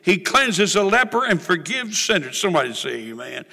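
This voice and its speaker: A man preaching a sermon in a church, with a rhythmic, rising and falling cadence and drawn-out refrains. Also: sits high, big pitch swings, gravelly, sharp tone. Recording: reverberant hall.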